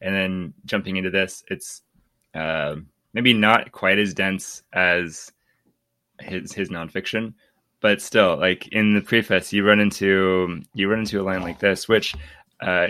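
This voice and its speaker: A man's voice: deep voice, steady tone, measured pace, sharp tone, no room sound. A man in his thirties hosting a casual book-club podcast, rambling with many restarts and laughing often. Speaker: podcast host.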